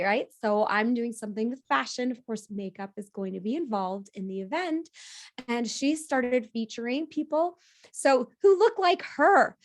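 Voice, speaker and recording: A woman speaking as a podcast guest in a casual interview, animated, laughing easily and often restarting her sentences. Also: fairly high pitch.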